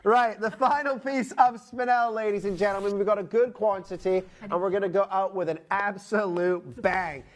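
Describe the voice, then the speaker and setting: A man's voice: high-pitched, steady tone, normal speed, hardly any pauses. A man presenting live on a shopping channel, calling out prices and bantering with his co-host. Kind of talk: live auction selling. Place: TV studio.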